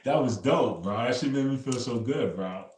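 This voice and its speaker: Male livestream host, easygoing chatter, ends phrases with "bro", mid-pitched, echoey room. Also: lively intonation, moderate pace, darkish tone. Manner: loose storytelling, says "bro" after nearly every phrase. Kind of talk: casual livestream chat.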